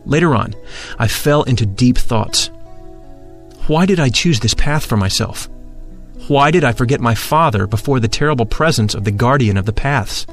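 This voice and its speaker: Man calmly narrating a spiritual text. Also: medium pitch, moderate pace, soft background music.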